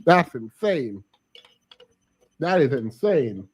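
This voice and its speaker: A man's voice: medium pitch, big pitch swings, takes it slowly, slightly rough. A man hosting a reaction commentary, sassy and blunt, often breaking into laughter. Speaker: commentary host.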